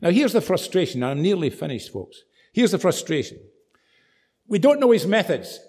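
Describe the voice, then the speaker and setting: A male preacher delivering a sermon with animated, dramatic storytelling. His voice sits a little higher than most men's, and he leans hard into his emphasis. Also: moderate pace, breathy edge.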